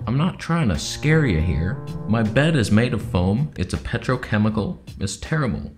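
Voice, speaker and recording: A young man casually ranting to camera in his living room, sarcastic and jumping between loud jabs and low mutters. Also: very animated, normal speed, music in the background. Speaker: YouTube host.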